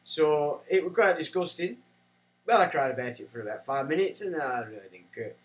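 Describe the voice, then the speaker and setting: Man, livestream host, rambling, self-mocking, slightly high voice. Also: animated, fairly quick, poor audio. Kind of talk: casual livestream chat.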